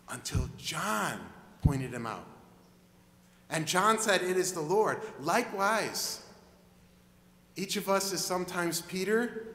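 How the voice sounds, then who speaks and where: A male pastor delivers a conversational sermon and acts out the story as he goes. His voice is high and bright. It echoes through a large hall with a long reverb.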